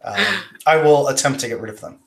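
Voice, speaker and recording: A man co-hosting a podcast in casual chat, with many ums and restarts. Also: medium pitch. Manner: halting, lots of restarts and ums. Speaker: podcast co-host.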